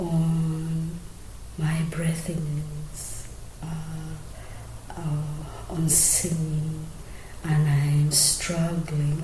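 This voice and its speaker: Young woman, low-pitched, slow and hesitant, home vocal tutorial with faint background noise. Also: mellow. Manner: hesitant, many fillers, drops to near whisper. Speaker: amateur singer sharing tips. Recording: echoey room with faint ambient noise.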